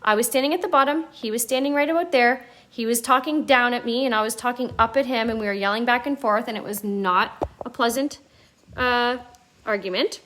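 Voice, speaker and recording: A woman telling her own story at home on a live video, chatty and animated, with a lot of "like". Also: on the high side, fairly quick. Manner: chatty, animated, many fillers like "like". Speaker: network marketing vlogger. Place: at home indoors, near a staircase. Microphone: live video call.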